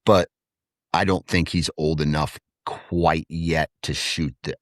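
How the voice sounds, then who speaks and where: A man's voice: extremely low pitch, slow pace, dry recording, studio quality. A man in his thirties, a podcast guest and hunter, telling rambling stories about his kids in casual chat. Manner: rambling, animated when quoting his kids.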